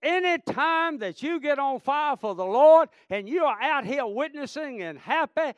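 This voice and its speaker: A male preacher with a very high voice, delivering a fiery sermon. He repeats his points and keeps calling out to the congregation. The sound is close and dry. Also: lively intonation, measured pace, no room sound. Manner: fervent, repetitive, calls out "Amen?" and "friend".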